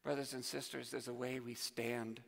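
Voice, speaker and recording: A man's voice: mid-range voice, level tone, normal speed, vocal fry, big-room sound. A male pastor preaching a sermon with emphasis and vivid everyday analogies, recorded in a church sanctuary.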